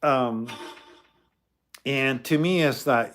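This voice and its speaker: A man's voice: mid-range voice, measured pace, soft background music. Streetwise man chatting, scolding a spirit. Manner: streetwise, scolding, animated asides. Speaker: paranormal streamer. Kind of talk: casual spirit-box chat.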